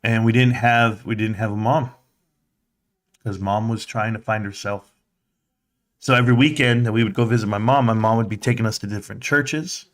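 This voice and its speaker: A man hosting a livestream, telling a personal story in a casual, animated way, jumping into a higher voice to act out quotes. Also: normal speed. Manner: animated, acts out quotes in a high voice; conversational, with fillers and restarts. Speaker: livestream host.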